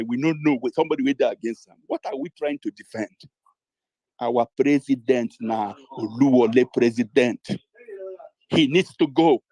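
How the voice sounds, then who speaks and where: A Nigerian man with a mid-pitched voice, speaking emphatically as a caller in an online discussion. He moves between English and pidgin. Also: a little mellow, poor audio.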